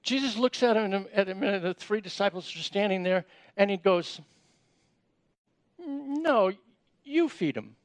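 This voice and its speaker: A man's voice: sits high, fast talker, clear, resonant tone, dry recording. A man giving a sermon in a conversational way, often repeating words as he starts sentences and asking the audience questions. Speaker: preacher.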